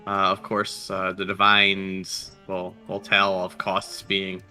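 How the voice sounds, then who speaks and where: A man's voice: deep voice, completely flat delivery, slow pace, bright, forceful tone, faint music behind. A man running a tabletop game as dungeon master, casual and dry, often restarting his sentences.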